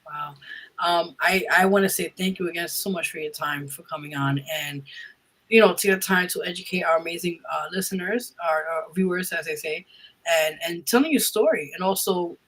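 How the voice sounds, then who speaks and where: A woman's voice: on the low side, normal speed, rough recording. A woman hosting a radio interview show, chatting casually and thanking her guest with lots of fillers. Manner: warm, effusive thanks with frequent fillers.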